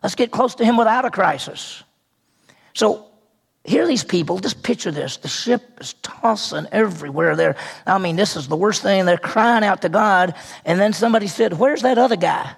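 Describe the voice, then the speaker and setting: Gravelly high-voiced man preaching. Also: normal speed. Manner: storytelling with acted-out voices, rhetorical questions. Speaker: pastor. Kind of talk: sermon.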